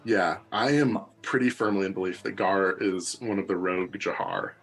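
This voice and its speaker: A man co-hosting a book podcast in casual chat, jokey and fond of acting out characters in quick asides. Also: sits low, fairly bright tone, slightly rough, rough recording.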